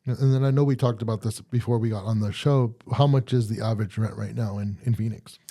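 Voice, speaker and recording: A male host with a mellow, dark tone asks his guest questions. He keeps the exchange relaxed and conversational. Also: lowish voice, a little fast. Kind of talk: casual interview.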